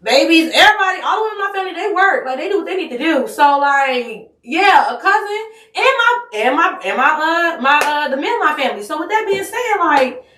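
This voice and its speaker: A woman co-hosting a podcast in casual chat, talking bluntly with quick back-and-forth. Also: sits high, very animated, bright, forceful tone, reverberant, far from the mic. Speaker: podcast co-host.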